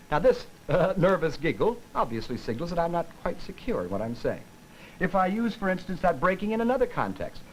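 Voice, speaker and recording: A man lectures with animated, sweeping intonation, showing off how his voice rises and falls. His voice sits a little high for a man. Faint hiss of an old broadcast runs underneath. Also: fast, low-quality recording. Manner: lively, demonstrates intonation with his own voice. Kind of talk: televised linguistics lecture.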